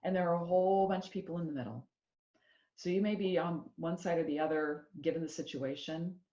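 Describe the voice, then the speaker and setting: Low-voiced woman coach, echoey room. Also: brisk. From Iowa. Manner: animated, acts out quoted voices. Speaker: executive coach giving a talk. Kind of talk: motivational presentation. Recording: echoey room, dull lo-fi sound.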